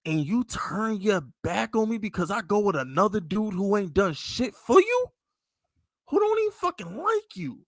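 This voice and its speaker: A man's voice: sits high, very animated, moderate pace, no room sound, clean studio sound. A man with a New York accent, hosting a casual sports podcast and venting in a heated, profane, emphatic way. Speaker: podcast host.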